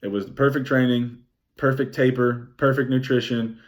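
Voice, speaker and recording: A young man recapping his race in a vlog, excited and rambling, swearing freely and saying "like" often. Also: mid-range voice, moderate pace. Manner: excited, rambling, swears a lot, many "like" fillers. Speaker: vlogger.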